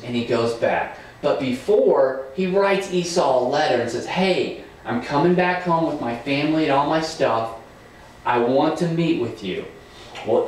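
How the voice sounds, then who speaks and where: A man teaching a Sunday school class of children, retelling a Bible story in a lively, playful way. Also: a little high, a little hiss or hum. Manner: animated storytelling to kids. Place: church room. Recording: echoey room, far from mic.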